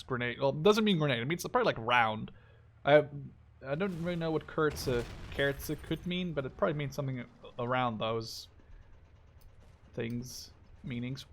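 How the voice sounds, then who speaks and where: A man's voice: on the high side, a bit bright. A man in his twenties giving casual, rambling gameplay commentary, cheerful and jokey, swearing freely and stumbling over German words. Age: 20s. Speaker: gaming YouTuber.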